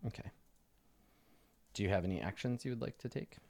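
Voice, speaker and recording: A man's voice: fairly low pitch, brisk, vocal fry, a little mellow. A man running a tabletop game as its dungeon master, talking loosely and conversationally and growing vivid when he describes a scene. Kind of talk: casual tabletop game narration.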